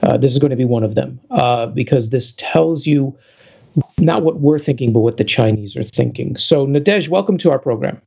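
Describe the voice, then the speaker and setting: A man's voice: medium pitch, moderate pace, vocal fry, mellow, breathy edge, muffled recording. A man co-hosting a podcast, introducing a guest in a talkative way with many restarts. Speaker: podcast co-host. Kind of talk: casual podcast chat.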